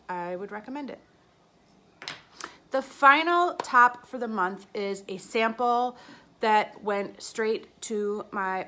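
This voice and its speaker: Woman doing a chatty beauty favorites vid, kinda rambly and gushy, normal mid pitch. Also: fairly bright tone. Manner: chatty, meandering, enthusiastic recommending. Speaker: beauty vlogger. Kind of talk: casual monthly favorites review.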